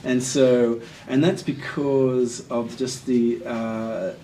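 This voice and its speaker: A man's voice: mid-range voice, steady tone, takes it slowly, mellow. A man working as a literacy tutor, going over assessment results one-on-one in a patient, encouraging way and explaining each step. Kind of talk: one-on-one feedback session. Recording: voice picked up from a distance with faint room noise.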